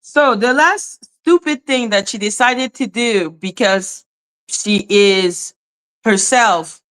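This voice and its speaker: Chatty woman livestream host, slow-talking. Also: medium pitch. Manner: chatty, animated, exclaims and greets chat by name. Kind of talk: casual livestream chat greeting viewers.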